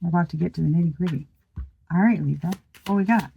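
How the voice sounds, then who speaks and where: A woman's voice: lowish voice, quick pace, creaky, husky, lo-fi sound. Woman doing a tarot reading, talks casual and loose, lots of oh my gods and swearing, keeps restarting her sentences. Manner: chatty, exclamatory, swears freely; thinks aloud, trailing off and restarting. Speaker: tarot reader.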